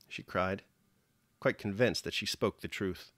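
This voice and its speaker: A man reading a classic novel aloud in a steady, unhurried audiobook narration. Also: deep voice, no echo, clean studio sound. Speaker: reader.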